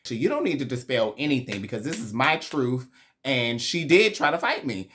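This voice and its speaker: A man's voice: medium pitch, very animated, moderate pace, fairly bright tone, slight background noise. A man hosting a casual reality TV recap, chatty, slangy and profane, laughing often.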